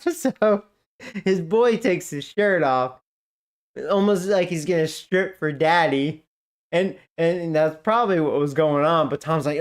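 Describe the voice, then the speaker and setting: A man's voice: fairly high pitch, moderate pace. A man casually commentating a video game, rambling and joking with frequent laughs. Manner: rambling, jokey, laughs often. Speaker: gaming streamer.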